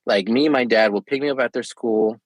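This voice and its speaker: Male co-host, average pitch, dry room, relaxed chatty tone. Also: fairly quick, dry recording, rough recording. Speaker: podcast co-host. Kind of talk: casual chat.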